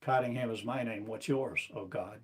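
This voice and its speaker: A man preaching a sermon as a spiritual teacher, slow and declamatory, firing off one rhetorical question after another. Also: fairly low pitch. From United States.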